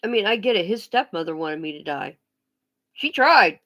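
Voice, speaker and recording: With a lowish, expressive voice, a woman vlogs casually in a blunt, profane rant. She's emphatic, but her delivery halts, with pauses and repeated restarts.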